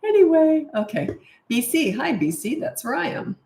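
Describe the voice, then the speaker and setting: A woman's voice: sits high, sing-song, normal speed, creaky, mellow. A woman who is a parenting coach, chatting casually and rambling on a live stream, laughing often. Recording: echoey room.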